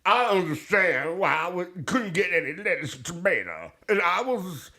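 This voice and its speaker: A man's voice: high-pitched, very animated, normal speed, bright, forceful tone, voice pushed up, full character voice. A man putting on a silly, strained, nasal voice as a drive-thru customer. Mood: mock-polite.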